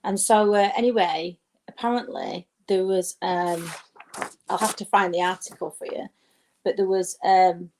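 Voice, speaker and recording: A woman's voice: lowish voice, steady tone, measured pace, a little mellow. A middle-aged woman delivers a stand-up set into a laptop mic at home. She talks in a chatty, rambling way, full of self-mocking asides and little checks with the audience. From United Kingdom. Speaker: stand-up comedian. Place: home during lockdown. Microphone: webcam or laptop mic.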